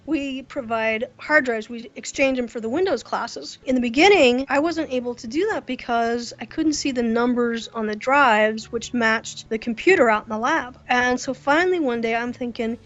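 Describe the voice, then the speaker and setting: Lively woman telling workplace stories. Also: on the high side. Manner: lively anecdotes, acts out quoted reactions. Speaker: interview guest. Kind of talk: casual storytelling. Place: hotel during a convention. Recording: dull lo-fi recording.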